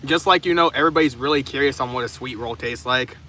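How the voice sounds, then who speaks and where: Sitting in the open trunk of his car during rain, a young man live streams and responds to viewer comments in a loose, profane, rambling chat, frequently stumbling and starting his sentences over. He talks fast in a sharp, mid-range voice, with faint rain and traffic going by in the background.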